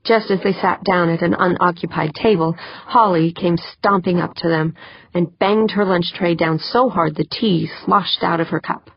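A woman reads a novel aloud in steady, measured narration. Her voice is gravelly and husky, and the recording is dull and dry. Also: fairly low pitch, no echo. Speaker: audiobook narrator. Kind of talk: scripted narration.

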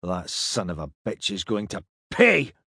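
A man's voice: fairly low pitch, very animated, a little slow, gravelly, bright, forceful tone, breathy edge, no echo, clean studio sound, pitched below the performer's own voice, full character voice. A man voicing a grim, terse starship chief. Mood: furious.

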